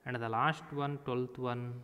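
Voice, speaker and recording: A man teaching a grammar lesson for young children, speaking deliberately and spelling words out letter by letter. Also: mid-range voice, little pitch movement, sharp tone, clean tone. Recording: echoey room with long reverb.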